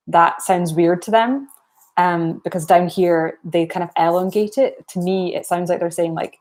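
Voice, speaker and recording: A woman's voice: lowish voice, unhurried, a little mellow. A young Scottish woman from Aberdeen, chatting casually on a writing livestream, rambling with plenty of ums and likes. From Aberdeen, Scotland. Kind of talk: casual live-stream chat.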